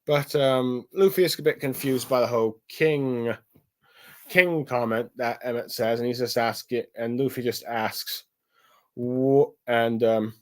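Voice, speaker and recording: A man casually recapping and reviewing a comic chapter, rambling and filling pauses with many ums and self-corrections, sounding a little tired. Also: mid-range voice, steady tone.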